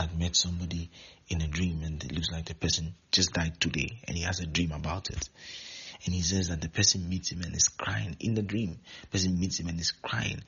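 A man's voice: low voice, fairly bright tone, husky. A man preaching a sermon as pastor, exhorting with lots of repetition. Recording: dull lo-fi recording.

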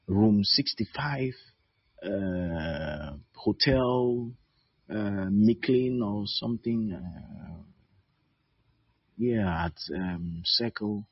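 A man voicing an eager, smooth-talking man in a sermon skit who keeps promising gifts. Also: lowish voice, big pitch swings, slow pace, no echo, highs cut off, heavily acted. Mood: coaxing. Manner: eager, reassuring, repeating himself.

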